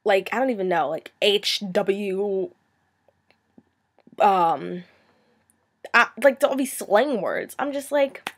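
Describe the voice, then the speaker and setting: A woman's voice: medium pitch, expressive, slow pace, long pauses. A teenage girl ranting in a vlog, sarcastic and exasperated, now and then slipping into mocking impressions. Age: teens. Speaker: vlogger.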